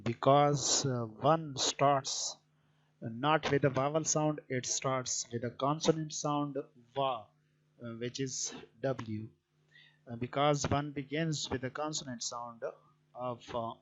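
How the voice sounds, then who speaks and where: A man teaching a grammar lesson, explaining points deliberately with frequent hesitant fillers. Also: medium pitch. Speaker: English teacher. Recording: dull lo-fi recording.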